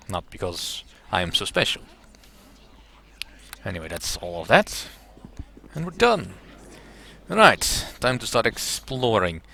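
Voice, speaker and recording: A man's voice: deep voice, vocal fry, bright, forceful tone, a little hiss or hum. A man hosting a let's play, musing aloud about the game with hesitant fillers. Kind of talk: gameplay commentary.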